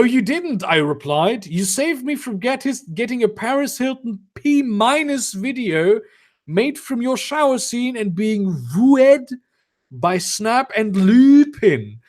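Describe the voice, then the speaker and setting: A comedic reader doing a dramatic reading with sarcastic, exasperated commentary, swearing often. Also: mid-range voice.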